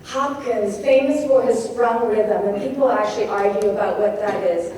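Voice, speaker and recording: A woman poet giving a craft talk on rhythm, thoughtful and demonstrative, reading verse slowly and expressively. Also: medium pitch, a little mellow. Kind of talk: lecture on poetic rhythm. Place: lecture hall at a poetry festival. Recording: echoey hall taped from far off with faint hiss.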